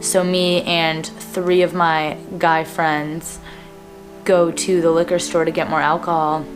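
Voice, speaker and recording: A woman in her twenties tells a personal story straight to camera, earnest and plain-spoken, often pausing on fillers. Her voice sits a little low for a woman. Soft music plays faintly underneath. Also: little pitch movement. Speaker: vlogger.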